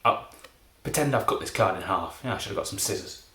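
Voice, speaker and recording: A middle-aged man from England, a comedy magician, rambling through a deadpan, self-deprecating monologue. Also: on the low side, fast talker, roomy sound, a little hiss or hum.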